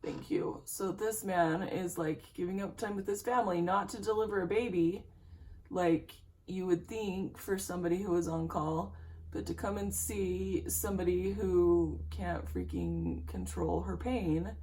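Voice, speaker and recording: A woman's voice: lowish voice, unhurried, mellow, slightly rough. A young woman chatting candidly as she tells a long personal story while doing her makeup at home. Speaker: beauty vlogger. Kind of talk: chatty get-ready-with-me storytelling.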